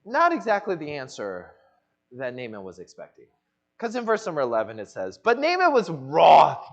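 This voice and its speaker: Animated preacher man, lively high voice. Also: normal speed, highs cut off. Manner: animated, voices the people in the story. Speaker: pastor. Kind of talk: expository sermon with acted-out dialogue. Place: church sanctuary.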